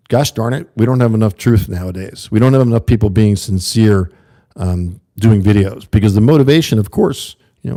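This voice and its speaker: Middle-aged male livestream host, low warm voice, earnest and rambling, speaks straight to his chat. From USA. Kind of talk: casual livestream monologue.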